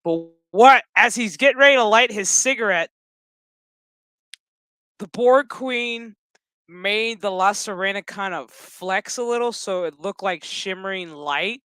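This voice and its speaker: A man rambles through a casual, swear-filled TV episode recap, cracking jokes as he goes. His voice is bright and crisp. The recording is dry and close. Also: high voice, a little slow, no echo, low-quality recording. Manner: profane, rambling and joking. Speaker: gaming channel host.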